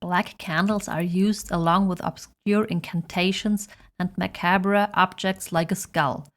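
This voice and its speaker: A woman narrating a scripted esoteric explainer in a measured, dramatic storytelling manner. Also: lowish voice, steady tone.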